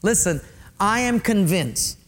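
Speaking slowly in a high voice, a middle-aged male pastor gives an animated sermon. He addresses his congregation head-on and repeats key phrases for emphasis.

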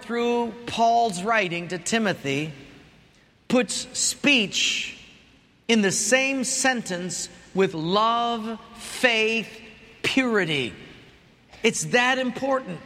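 A man's voice: sits high, sharp tone, in a large hall. A man preaching a sermon as a pastor, telling stories animatedly and with humor.

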